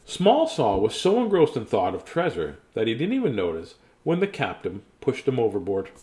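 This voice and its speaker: A chatty man reading a picture book aloud, laughing often and wandering off into asides. His pitch moves in a lively way from line to line. The voice sits in a middle register. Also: moderate pace. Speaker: children's book reader. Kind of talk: casual storybook reading.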